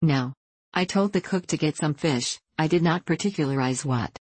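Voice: mid-range voice, moderate pace, husky, no room sound, lightly acted. A reader voicing a cool lady of the house who gives concise, clipped replies. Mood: curt.

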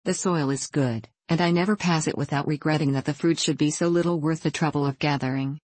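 A woman's voice: low-pitched, fairly even intonation, brisk, darkish tone, no echo. Woman reading as a curt, sardonic clergyman. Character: dry, blunt middle-aged clergyman. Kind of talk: audiobook reading.

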